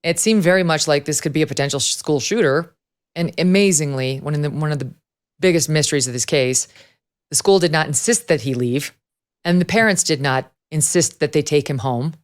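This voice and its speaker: Low smooth-voiced blunt woman host. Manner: brisk, blunt, argumentative. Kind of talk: talk show discussion.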